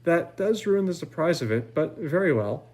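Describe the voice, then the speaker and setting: A man's voice: on the high side, expressive, moderate pace, a little mellow, lightly acted. A man reading the lines of a polite, matter-of-fact female guide of virtual worlds, in a live book reading. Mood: calm.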